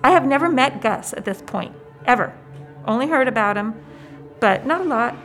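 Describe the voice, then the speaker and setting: Female interviewee, high voice, casual storytelling, exclaiming. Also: expressive, normal speed, fairly bright tone. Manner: exclaiming, acts out quotes.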